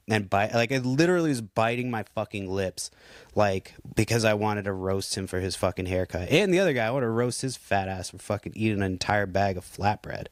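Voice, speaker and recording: A man in his thirties rambles through a heated, profane monologue, full of restarts and asides. His voice sits on the low side. The recording is dry, with no room sound. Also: dry recording. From Puerto Rico. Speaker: podcast host. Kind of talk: casual ranting monologue.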